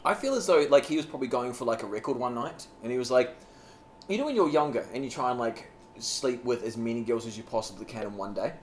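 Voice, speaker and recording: A man's voice: mid-range voice, animated, fast, a little hiss or hum. A man co-hosting a podcast, telling loose stories full of fillers in casual banter. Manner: loose, filler-heavy storytelling. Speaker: podcast co-host.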